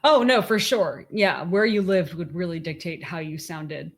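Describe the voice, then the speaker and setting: A woman with a somewhat low voice co-hosts a casual podcast with her husband. She muses aloud, circling back and restarting her thoughts as ideas come to her. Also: moderate pace. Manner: chatty and musing, thinking aloud with restarts. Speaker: podcast co-host.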